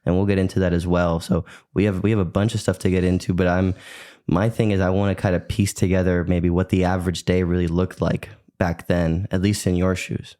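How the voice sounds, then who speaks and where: A man's voice: sits low, flat delivery, a little fast, dark tone. A man hosting a podcast, asking questions in an enthusiastic, casual way with lots of fillers. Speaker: podcast host. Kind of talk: casual interview chat.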